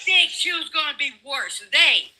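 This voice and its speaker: A woman from California arguing politics in a heated, profane rant, fast bursts of words. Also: sits high, big pitch swings, sharp tone, rough recording.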